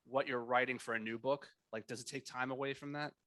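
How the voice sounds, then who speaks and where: A man's voice: mid-range voice, fairly even intonation, brisk, fairly bright tone. A man co-hosting a podcast in casual chat, asking blunt, crude questions. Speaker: podcast co-host.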